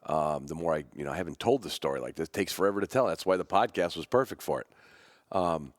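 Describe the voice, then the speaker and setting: A man with a low, deep voice tells a personal story about his dog on a podcast. He rambles and restarts, and his voice lifts when he is moved. The sound is dry and close. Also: dry recording. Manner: rambling, halting, with many restarts and fillers. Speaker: podcast host; hunting dog trainer.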